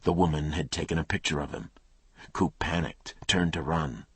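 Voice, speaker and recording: A man narrates a crime thriller in clipped, tense phrases. His voice is extremely low and markedly husky, recorded close and dry. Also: steady tone, moderate pace, fairly bright tone, no echo. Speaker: audiobook narrator.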